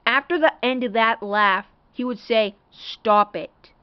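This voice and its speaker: A woman rambling through a show-and-tell of her toy, full of little fillers and apologies. Her voice sits fairly high. It is close and dry, though a bit dull and muffled. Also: moderate pace, clean tone, no room sound. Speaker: toy collector showing a doll. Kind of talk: casual show-and-tell vlog.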